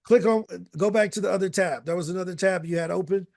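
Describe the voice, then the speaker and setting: High-pitched guy coaching a course group on a video call, energetic, keeps saying right. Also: fast. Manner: energetic, repetitive, fond of rhetorical "right?".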